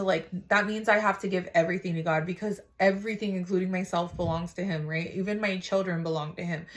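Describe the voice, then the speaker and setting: A mother sharing a casual faith testimony, rambling and frank, with lots of "like" and some swearing. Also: medium pitch.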